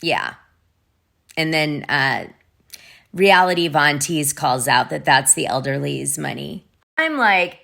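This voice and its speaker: A woman with a deep yet bright and punchy voice hosts a casual gossip vlog. She chats freely, swears often and reads private messages aloud. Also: expressive, unhurried, vocal fry. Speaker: gossip show host.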